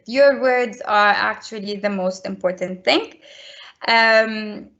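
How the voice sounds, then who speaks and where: A woman's voice: a little high, fairly bright tone. A woman presenting slides to parents in a school webinar, earnest and explanatory, with frequent restarts. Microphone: video call. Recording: muffled video call audio.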